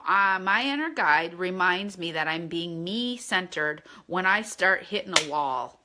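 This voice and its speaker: A woman's voice: fairly low pitch, expressive, unhurried, hardly any pauses, bright, forceful tone. A woman leading a spiritual course, talking earnestly and conversationally and often checking in with her listeners. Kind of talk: casual spiritual teaching.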